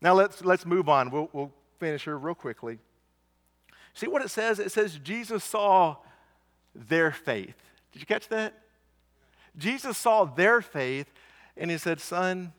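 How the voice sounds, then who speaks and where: A man's voice: high voice, a bit bright. A man preaching a sermon in an earnest way, asking rhetorical questions and repeating lines for emphasis. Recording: church hall reverb.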